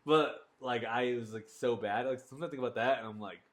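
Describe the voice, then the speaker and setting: A man's voice: mid-range voice, quick pace. A man co-hosting a casual podcast, rambling with lots of filler words. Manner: rambling with many fillers like "dude". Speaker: podcast co-host. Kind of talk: casual chat.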